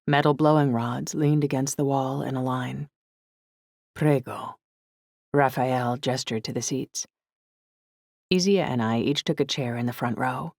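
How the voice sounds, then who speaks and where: A woman reading a first-person novel aloud in measured, scripted narration. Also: rumbling low, gravelly, a little mellow, no echo, clean studio sound. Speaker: audiobook narrator.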